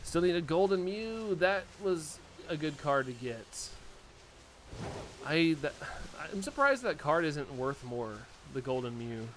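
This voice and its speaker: A man's voice: on the high side, very animated, takes it slowly, a bit bright, a little hiss or hum. A young man live-streaming, chatting casually and laughing often as he reacts to viewer messages.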